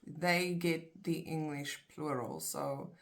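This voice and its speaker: A woman teaching vocabulary in a video lesson, saying each word and its plural slowly and carefully, in pairs. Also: low-pitched. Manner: slow, careful, repeats words in pairs. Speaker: language teacher.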